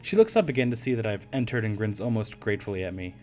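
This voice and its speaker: A hoarse man reading a visual novel aloud as a let's play narrator, with wry, self-deprecating asides. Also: fairly low pitch, very animated, quick pace, darkish tone, faint music behind.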